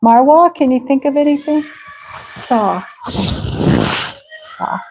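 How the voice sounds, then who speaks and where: A woman teaching a live English class, speaking slowly and patiently and repeating words so students can follow. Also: high voice, expressive, heavy background noise. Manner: slow, patient, drawn-out repetition of words.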